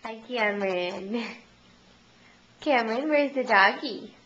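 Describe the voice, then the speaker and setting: A woman's voice: fairly high pitch, slow pace, fairly bright tone, highs cut off. A woman filming her toddler at home, talking to him in sing-song baby talk with frequent laughs. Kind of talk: home video chat with a toddler. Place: living room at home. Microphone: handheld camcorder. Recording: noisy home camcorder audio.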